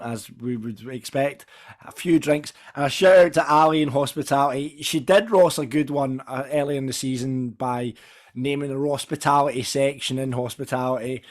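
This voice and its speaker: A Scottish man hosting a fan podcast in a casual, jokey, rambling way, his voice hoarse and nearly gone. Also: medium pitch. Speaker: podcast host.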